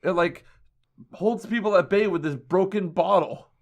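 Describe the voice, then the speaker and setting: A man's voice: sits high, normal speed. A man co-hosting a podcast, reviewing a movie in casual chat, rambling wryly and sometimes tripping over words. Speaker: podcast co-host.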